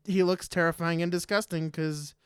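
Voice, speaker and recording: A man's voice: a little high, fairly even intonation, moderate pace, clear, resonant tone. A man co-hosting a podcast, rambling through a movie plot with lots of swearing. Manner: rambling, profane, recaps the plot. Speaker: podcast co-host. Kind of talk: casual movie-riffing chat.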